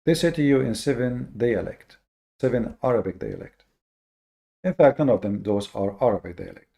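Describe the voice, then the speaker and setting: A man hosting a lecture-style monologue with a gravelly edge to his voice. His tone is mellow and dark, and he leans hard on key words with slow, deliberate emphasis, stumbling through fillers and repeated words. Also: medium pitch. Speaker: host.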